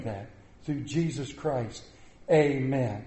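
A man preaching a sermon in a church, earnest and emphatic, slowing down to stress his words. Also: on the high side, lively intonation, warm tone, roomy sound. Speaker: pastor. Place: church sanctuary.

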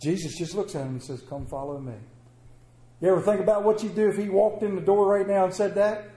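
A man's voice: sits high, fast talker, mellow, echoey room, poor audio. A man preaching a sermon in a folksy, conversational way, slipping into quoted asides and everyday examples.

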